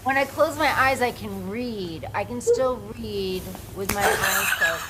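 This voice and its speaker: A woman's voice: medium pitch, a little slow, heavy background noise. A woman comedian from the United States chatting casually as a guest, joking in a rambling, self-deprecating way. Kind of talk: casual chat.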